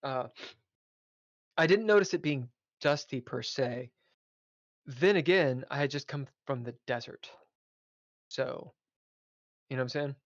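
A man's voice: medium pitch, measured pace, pauses often, no echo. A man, a podcast guest, telling a casual road-trip story with swearing and laughter. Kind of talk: casual chat. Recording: dull lo-fi audio.

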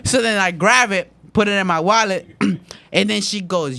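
A man, telling a profane, animated story to friends and acting out the voices. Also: high-pitched, moderate pace, creaky, no room sound. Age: 20s. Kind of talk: casual chat.

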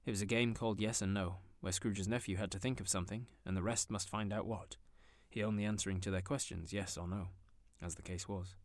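A man narrating a classic story aloud with expressive, dramatic pacing. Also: fairly low pitch, a little fast, dry recording, clean studio sound. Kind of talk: storybook reading.

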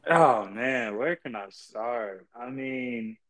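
A young man co-hosting a casual sports podcast, ranting in exasperation and swearing constantly, his pitch jumping high when he gets worked up. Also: slow pace, a bit bright, rough recording. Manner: profane, exasperated ranting with big pitch jumps. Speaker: podcast co-host.

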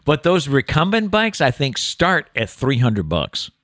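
A man's voice: mid-range voice, huge pitch swings, unhurried, a bit bright, no room sound. A middle-aged man hosting a casual chat show, making dry, self-mocking quips. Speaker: host.

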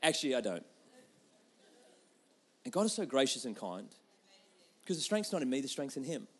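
A man preaching a sermon, earnest and acting out prayers, swinging between loud outbursts and hushed moments. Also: mid-range voice, sing-song, normal speed, breathy edge. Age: adult parent. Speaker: pastor.

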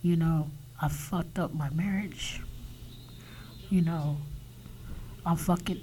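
A man talking alone on his podcast in a halting confessional monologue, often dropping to a whisper and swearing. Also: on the high side, fairly even intonation, warm tone, a little hiss or hum, rough recording. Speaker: podcast host.

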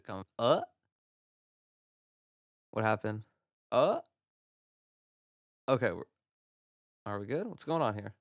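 A young man hosting a solo sports podcast from home, talking in an excitable, profane rant and laughing at his own jokes. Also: lowish voice, takes it slowly, pauses often, no room sound, studio quality. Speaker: podcast host. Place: home room.

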